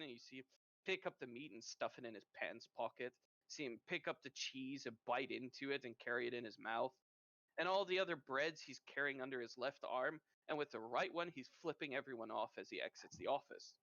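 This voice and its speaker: A man with a Norwegian accent narrating a tabletop game as game master in a lively storytelling manner. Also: mid-range voice, fairly quick, no room sound. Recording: muffled lo-fi mic.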